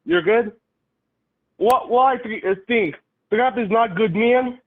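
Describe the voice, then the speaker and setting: A Russian-accented man in his thirties calls in over a tinny phone line, his voice sitting fairly high. He speaks halting, broken English and sounds puzzled and literal. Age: 30s. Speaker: caller. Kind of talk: call-in phone conversation.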